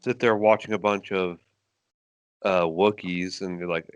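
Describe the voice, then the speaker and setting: A man's voice: low-pitched, steady tone, unhurried, clean tone, dry recording. A man co-hosting a casual podcast, stuffed up from a cold, making dry sarcastic asides. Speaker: podcast co-host.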